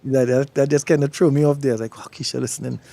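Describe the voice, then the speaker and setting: A man hosting a relaxed, joking radio interview with some hesitations. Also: medium pitch, quick pace, very noisy. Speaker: radio host.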